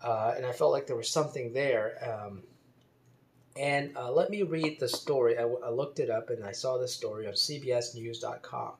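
Halting, hesitant man musing aloud. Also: mid-range voice, a little hiss or hum. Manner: halting, full of ums and uhs, hedges and spells words out. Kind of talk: rambling monologue, reading a news story aloud.

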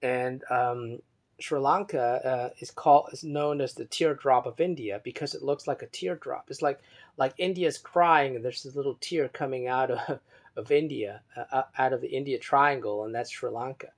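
A man's voice: medium pitch, moderate pace. A man giving a rambling solo monologue, reading aloud from an article with many fillers and restarts and stopping to spell words letter by letter. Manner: drifts between soft muttering and louder emphasis.

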